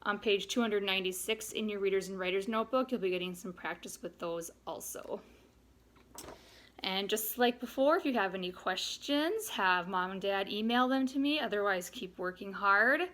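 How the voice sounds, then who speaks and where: A woman's voice: mid-range voice, a bit bright. A woman, a young adult teacher explaining vocabulary and spelling patiently to young students in a remote lesson. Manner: patient, explains slowly with examples. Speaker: third grade teacher.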